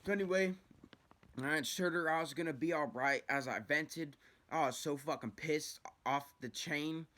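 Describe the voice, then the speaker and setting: A man's voice: on the high side, normal speed. A young man telling a rambling, profane story about his own past in a casual vlog. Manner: profane, rambling, animated retelling.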